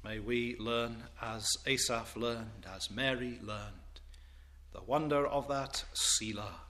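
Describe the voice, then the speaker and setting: A male preacher delivering a sermon, swinging from loud declaiming to hushed reverence. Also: medium pitch, steady tone, slow pace.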